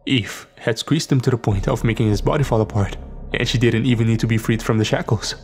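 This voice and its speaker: A man narrating a horror story in steady, scripted dramatic delivery. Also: medium pitch, fast talker.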